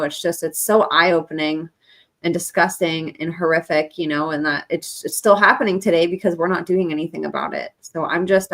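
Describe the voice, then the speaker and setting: A woman hosting a podcast interview, speaking to her guest in a sympathetic, earnest way. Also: lowish voice. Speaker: podcast host.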